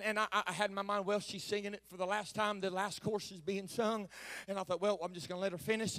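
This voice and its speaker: A man preaching a sermon. He tells stories in a low voice, repeats words as he starts phrases, and builds up to shouting.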